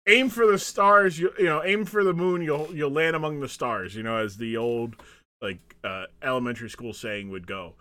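A man's voice: medium pitch, normal speed, pushed and bright, no room sound. A man hosting a podcast, recapping a wrestling match in casual, rambling, joking chat. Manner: rambling, joking, trailing off with fillers. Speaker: podcast host.

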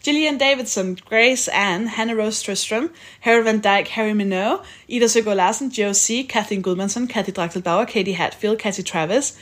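A woman's voice: medium pitch, moderate pace, hardly any pauses, a bit bright. A woman hosting a podcast, chatting and reading out the names of supporters. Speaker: podcast host. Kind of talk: casual chat and read-out outro.

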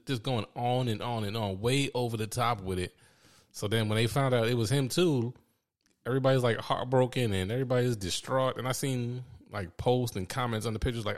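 A man's voice: medium pitch, fairly even intonation, brisk. A man co-hosting a casual podcast chat, talking in a laid-back, agreeable way.

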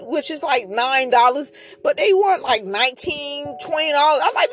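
A woman's voice: high voice, animated, normal speed, few pauses, faint music behind. A woman hosting her own podcast, telling a personal story in a chatty, rambling way with many fillers and frequent mentions of God. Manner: devout, often mentioning God. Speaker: podcast host. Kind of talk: casual storytelling monologue.

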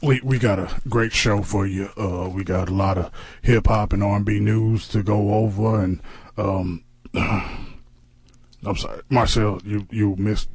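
A man with a fairly low, husky voice hosts a comedy radio show. He stays deadpan and mock-serious and stammers on repeated words. The sound is close and dry. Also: normal speed, few pauses, no echo.

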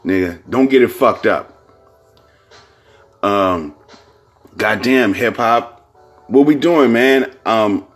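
A man from California hosting a podcast, talking in a rambling, casual monologue full of fillers and profanity. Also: mid-range voice. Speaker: podcast host.

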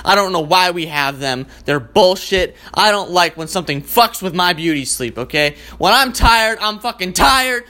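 A man hosting a comedy show, ranting in a profane, excitable and rambling way. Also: high-pitched. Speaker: host. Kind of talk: comedic rant.

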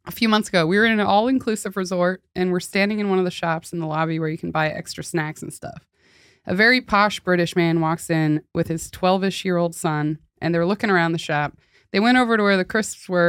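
A woman's voice: fairly low pitch, steady tone, brisk, smooth, no room sound. Dry-sounding woman co-host reading aloud. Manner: laughs often while reading. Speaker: podcast co-host. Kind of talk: casual comedic chat, reading a post aloud.

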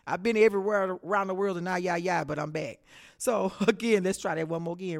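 Animated Texan woman radio host. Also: lowish voice, fairly quick. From Texas. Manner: animated, preachy pep talk with Southern "y'all" and "baby". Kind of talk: solo radio talk, motivational.

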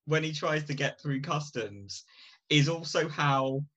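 A man's voice: a little high, unhurried, a bit bright, dull audio. A man co-hosting a podcast, talking enthusiastically about films with many restarts. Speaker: podcast co-host. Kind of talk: casual film chat.

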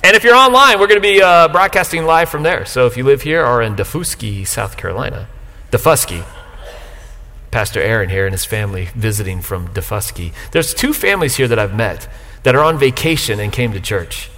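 A man preaching a sermon to a live congregation, joking and swinging between loud bursts and quiet asides. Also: mid-range voice, animated, a little fast. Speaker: pastor. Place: church sanctuary, live congregation. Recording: long hall reverb.

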